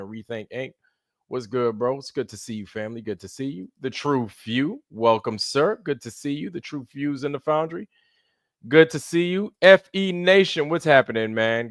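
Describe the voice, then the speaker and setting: A man's voice: mid-range voice, fairly bright tone, no echo, clean studio sound. A man hosting a casual live stream, greeting viewers by name in a loose, repetitive style with hype. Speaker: livestream host.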